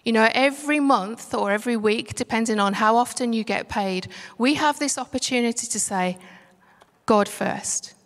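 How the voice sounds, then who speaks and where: A woman preaching a sermon in an earnest, measured way, slowing down to stress key words. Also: on the high side, a bit bright. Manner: earnest, measured, slows for emphasis. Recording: music under voice, long reverb.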